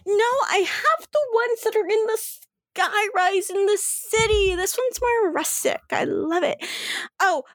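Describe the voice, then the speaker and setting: A woman game master voicing a cutesy young woman who is secretly commanding, speaking calmly and sternly with light giggles. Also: extremely high pitch, measured pace, no room sound, pitched above the performer's own voice, heavily acted. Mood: chatty.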